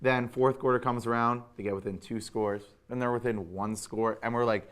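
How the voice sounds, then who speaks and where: A young adult man hosting a sports show, giving an animated, opinionated recap with hot takes. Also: mid-range voice, normal speed, few pauses, smooth.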